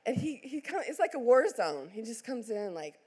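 A middle-aged woman pastor tells a family story from the pulpit in a slightly high voice. She throws herself into the quoted lines, swinging her voice up and down as she goes. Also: normal speed, breathy edge. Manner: animated, acts out quotes with big swings in voice. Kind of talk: sermon storytelling.

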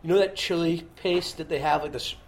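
A man's voice: on the high side, fairly even intonation, fairly quick, slight background noise. A young man chatting casually as co-host, teasing and joking through his stories. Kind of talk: casual chat.

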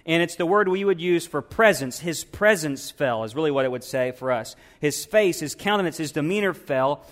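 A man's voice: fairly high pitch, animated, normal speed, a bit bright. A man, a pastor, preaching a sermon and asking his congregation questions.

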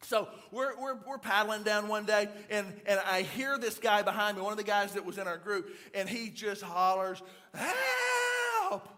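A man preaching in a church, his voice high and bright. He tells his story with energy, stumbling over repeated words and acting out shouts as he goes. He swings between hushed, intimate moments and loud, lively stretches. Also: normal speed, hardly any pauses. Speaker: pastor. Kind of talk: sermon. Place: church auditorium.

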